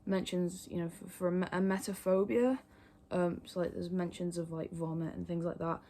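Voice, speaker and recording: Young woman rambling at the camera, swears a lot, kinda low voice. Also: flat delivery, normal speed, warm tone. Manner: rambling, filler-heavy, sweary. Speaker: fandom video creator. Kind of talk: casual chat, talking to camera.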